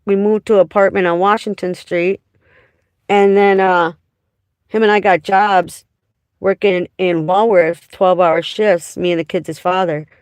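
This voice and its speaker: A woman's voice: on the low side, fairly even intonation, measured pace, clean tone, dry recording. A woman in her forties from Wisconsin, telling rambling, profane stories on a casual livestream from a parked car.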